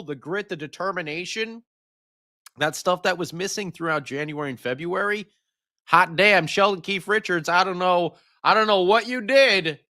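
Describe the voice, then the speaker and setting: A man hosting a sports podcast, giving an energetic, jokey game recap. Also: high voice, no room sound, studio quality. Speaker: podcast host.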